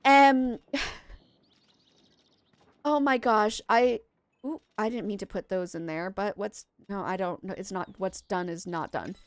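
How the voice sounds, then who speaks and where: A woman's voice: mid-range voice, unhurried, long pauses, no room sound. A woman game streamer chatting with her viewers and telling a rambling story, full of fillers. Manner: rambling, chatty, heavy use of "like" and "um"; greets and thanks chat warmly. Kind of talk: casual live-stream chat and storytelling.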